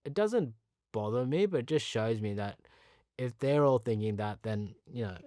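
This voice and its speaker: A man in his thirties with an Australian accent, a guest telling relaxed stories with frequent laughs. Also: mid-range voice, moderate pace, dry recording, clean studio sound. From Pakistan. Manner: relaxed anecdotes, laughs often, restarts. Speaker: interview guest, cricketer. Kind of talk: casual storytelling.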